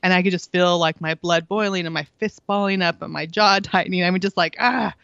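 A woman's voice: lowish voice, steady tone, fairly quick, gravelly, a bit bright, clean tone, no room sound. A middle-aged woman, a guest in a casual interview, tells stories animatedly, acting out quoted dialogue and laughing often. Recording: dull dry lo-fi audio.

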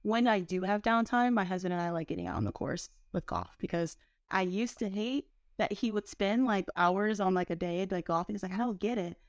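A woman's voice: mid-range voice, expressive, a little fast, dry recording, clean studio sound. A woman in her thirties, a healthcare executive, chatting as an interview guest in a friendly, conversational way. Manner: friendly, conversational, uses "like" often. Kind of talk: casual interview chat.

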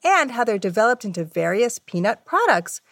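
Bubbly, high-voiced woman quiz host. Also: big pitch swings, a bit bright, no echo, clean studio sound. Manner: bubbly, playful, quick. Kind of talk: podcast game show hosting.

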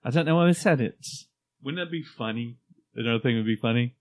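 A man's voice: medium pitch, fast talker, dry recording. A Scottish man co-hosting a podcast, joking around in casual banter and slipping into silly voices. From Scotland. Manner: playful, slips into silly put-on voices. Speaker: podcast co-host.

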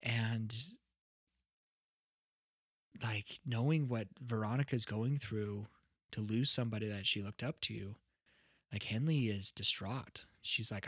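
A man's voice: lowish voice, unhurried, fairly bright tone, no echo, clean studio sound. A man, the game master, recapping his tabletop campaign in a rambling, reflective way with many restarts.

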